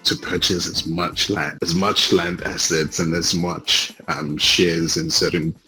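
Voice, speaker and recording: Deep, husky man listing points. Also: flat delivery, a little slow, bright, forceful tone, soft background music, low-quality recording. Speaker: podcast guest. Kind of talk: casual chat.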